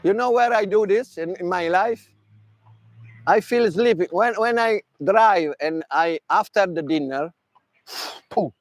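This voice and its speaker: Leading a workshop with demonstrations, the Italian mental coach for tennis speaks lively but broken English in a strong Italian accent. He talks a little slowly with a high voice, and the recording has no room sound.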